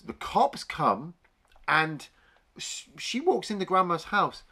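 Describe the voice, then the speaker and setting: A man co-hosting a film review podcast in casual chat, animated, swearing freely and acting out scenes. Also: on the high side, slow. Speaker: podcast co-host.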